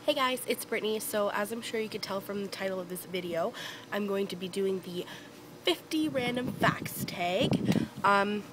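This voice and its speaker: A young beauty vlogger from Northern Ontario, Canada chats casually to camera outdoors, telling stories in a giggly, rambling way with plenty of fillers. Her voice is medium-pitched with lively intonation at normal speed, and there's background noise.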